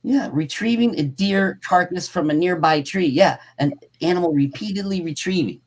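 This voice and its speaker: A man's voice: high-pitched, normal speed. A man hosting a podcast, reading encounter reports aloud, stumbling over words and adding casual jokes between sentences.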